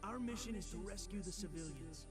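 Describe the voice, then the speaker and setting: A brash young mercenary soldier. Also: male voice, sits high, lively intonation, a little fast. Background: game music.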